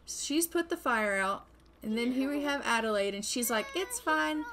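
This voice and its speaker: A woman narrating her life-sim gameplay in casual, chatty style, sarcastic and quick to exclaim. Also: on the high side, animated, a bit bright, slight background noise. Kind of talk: casual let's-play narration.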